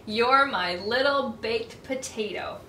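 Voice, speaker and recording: A woman's voice: on the high side, slow, sharp tone, roomy sound, recorded from a distance, a little hiss or hum. A woman voicing a doting lady who loves her dog, speaking in an affectionate sing-song way.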